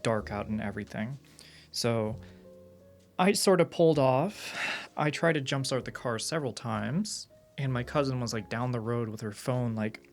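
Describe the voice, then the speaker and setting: A man streaming, telling a long story in casual chat, restarting his sentences and swearing as he goes. He rambles along in a loose, offhand way. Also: medium pitch.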